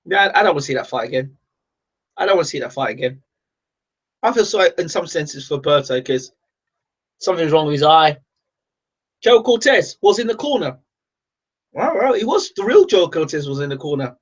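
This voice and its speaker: A man commentating live on a boxing match from his own setup, venting his disgust as the rounds go on. His voice sits fairly high, and the recording is dull and lo-fi. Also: brisk, pauses often, husky. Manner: exasperated, ranting, swings to excited shouting.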